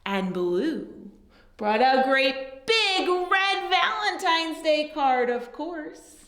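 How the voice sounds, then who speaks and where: Woman storyteller for toddlers. High, very lively, unhurried delivery with whispered asides, in an echoey room. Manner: sing-song, animated picture-book reading with soft whispered asides. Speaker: storyteller teaching baby signs. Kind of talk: read-aloud for young children.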